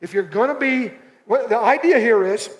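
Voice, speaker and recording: At a moderate pace and with an extremely high pitch, a man preaches as pastor inside a church auditorium with long reverb. His style is conversational, and he hammers points home through repeated short phrases.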